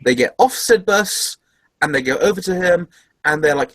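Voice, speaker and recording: A man hosts a loose podcast chat in a slightly higher voice. He laughs easily and restarts his sentences often. The mic sound is close and dry. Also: expressive, normal speed, a bit bright, dry recording, poor audio. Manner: giggly, stumbling restarts. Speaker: podcast host. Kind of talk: casual chat.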